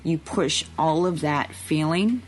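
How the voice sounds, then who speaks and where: A woman's voice: low-pitched, slow pace, a little hiss or hum. A woman co-hosting a podcast in casual chat, explaining earnestly with frank asides. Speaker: podcast co-host.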